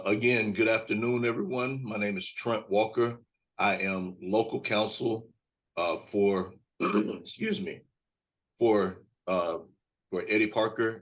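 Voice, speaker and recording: A man in his fifties from Mississippi, an attorney giving a hoarse, measured press statement over a video call. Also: on the low side, fairly bright tone. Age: 50s. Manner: measured, with frequent fillers.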